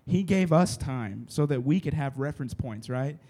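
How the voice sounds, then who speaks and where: A man's voice: mid-range voice, expressive, moderate pace, dark tone, breathy edge. Conversational male preacher. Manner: conversational, keeps checking in with the listeners. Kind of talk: casual sermon to a youth group. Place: room with a live audience.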